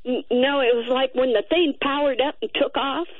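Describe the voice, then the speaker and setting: A woman calling in to a radio show, telling a story with excited, lively delivery. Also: high voice, moderate pace, dry recording. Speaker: caller. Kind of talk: call-in radio chat. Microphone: telephone. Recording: tinny phone line.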